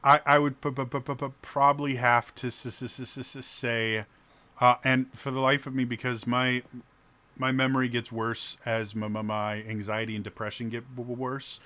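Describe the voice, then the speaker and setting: Bright-voiced man with a heavy stutter. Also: medium pitch, little pitch movement, normal speed, no echo. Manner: heavy stutter, repeated sounds. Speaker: game master. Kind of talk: casual answers to a video questionnaire.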